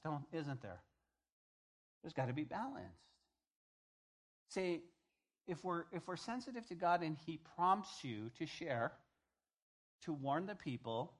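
A man preaching a sermon as pastor, animated and acting out the voices he quotes. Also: a little high.

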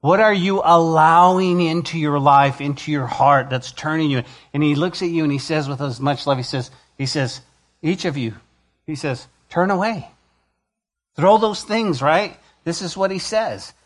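A man preaching a sermon to a church, swinging between loud emphatic lines and quiet, intimate ones. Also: on the high side, normal speed. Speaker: pastor.

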